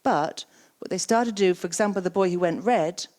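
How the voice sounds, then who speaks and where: A woman gives an interactive keynote talk on coaching. She repeats the audience's words back to them and asks quick follow-up questions. Her delivery is conversational and lively. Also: fairly low pitch. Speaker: keynote speaker and coaching trainer. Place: conference stage.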